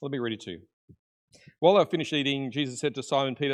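A man preaching in a conversational way, retelling a Bible story with animated energy that drops to hushed tones at key moments. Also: medium pitch, very fast. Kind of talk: conversational sermon.

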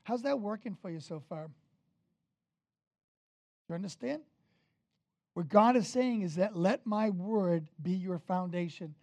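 A man's voice: high voice, a little slow, pauses often, no echo. A man preaching a sermon, emphatic and direct, asking the congregation questions as he goes. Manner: emphatic, rises and falls in loudness, talks straight to the congregation.

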